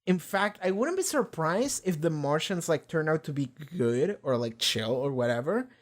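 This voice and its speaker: A man's voice: a little high, big pitch swings, moderate pace. A young man hosting a casual reaction video, rambling through an episode with lots of fillers and swearing. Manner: loose and rambling, swears a lot, many fillers.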